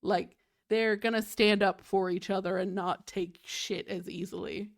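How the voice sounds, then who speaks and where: A woman's voice: mid-range voice, fairly even intonation, measured pace. A woman hosting a podcast, recapping a show in chatty casual talk packed with "like". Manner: chatty, fills with "like" constantly. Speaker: podcast host.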